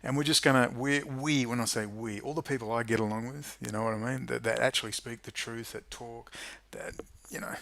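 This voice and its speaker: A man's voice: medium pitch, fairly even intonation, a little fast, vocal fry, few pauses, a bit bright, dry recording. A man delivering an angry, sarcastic political rant to camera, swearing freely. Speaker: political commentary youtuber. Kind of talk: ranting monologue to camera.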